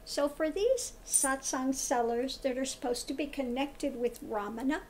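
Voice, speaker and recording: High-voiced, slow, scornful woman. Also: lively intonation, darkish tone, slight background noise. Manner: emphatic, repetitive, scornful. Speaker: tarot reader and spiritual commentator. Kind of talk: commentary monologue.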